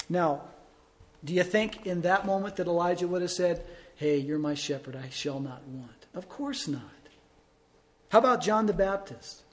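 A man delivers a sermon to his congregation with a slightly higher than average voice. He preaches conversationally, posing rhetorical questions. His voice swells for emphasis and falls quiet for asides. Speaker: pastor.

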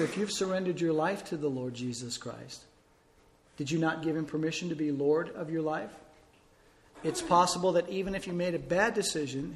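A man preaching a sermon as a pastor, telling a story with big swings between loud emphasis and soft, slow pauses. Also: fairly high pitch, a little hiss or hum.

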